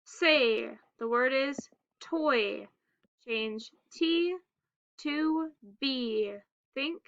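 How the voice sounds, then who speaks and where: The slightly dull sound suggests a lo-fi home recording of a teacher running a phonics lesson for little kids. Her voice is high, bright and smooth, and she delivers slow, deliberate word prompts with clear enunciation.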